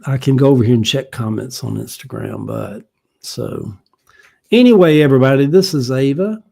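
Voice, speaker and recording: An older man with a Southern US accent hosting a casual livestream, rambling folksy talk and often clearing his throat as he reads viewer comments. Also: mid-range voice, normal speed, dark tone. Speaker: livestream host.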